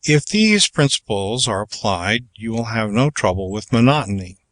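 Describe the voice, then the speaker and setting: A man reading aloud from a public speaking manual as scripted narration, working through numbered exercises in a measured, even way. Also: fairly low pitch, no echo. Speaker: audiobook reader.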